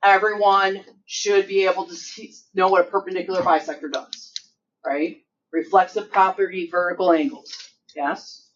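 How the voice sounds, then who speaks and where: A woman's voice: lowish voice, fairly even intonation, normal speed. A woman teaching math to a class, chatty and joking, checking in with the students often. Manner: chatty, checks in with frequent "right?" and "okay?"; joking, self-mocking asides. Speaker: high school math teacher. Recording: distant dull classroom recording, faint noise.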